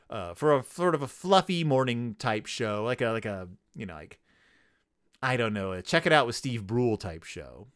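Hosting a comedy podcast, this man sarcastically recaps a children's book, riffing and acting out the characters. His mid-range voice has a fairly bright tone, recorded at studio quality with no room sound.

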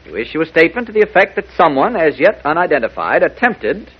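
A man's voice: on the high side, big pitch swings, fast, slightly rough. An actor playing an earnest young male reporter in a 1940s radio drama, reasoning eagerly, on a muffled old broadcast. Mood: persuasive.

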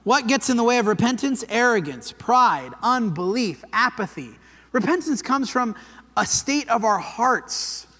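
A man's voice: extremely high pitch, big pitch swings, measured pace, bright, forceful tone. A man preaching a sermon in a church, talking conversationally and often checking in with "right?". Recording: church hall with long reverb.

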